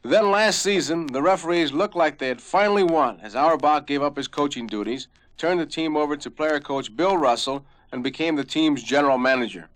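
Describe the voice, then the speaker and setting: Measured male sports reporter. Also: a little high, poor audio.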